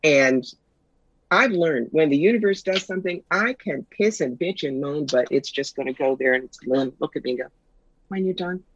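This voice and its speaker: A middle-aged woman, a guest psychic and author, telling stories in a brisk, wry, punchy way in a casual interview. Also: deep voice, breathy edge, no room sound. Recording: dull lo-fi sound, dry.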